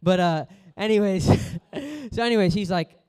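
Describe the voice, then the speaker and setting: High, smooth-voiced male preacher. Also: expressive, unhurried. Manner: casual, conversational preaching with storytelling; voice rises and falls between loud exhortation and quiet storytelling. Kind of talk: sermon.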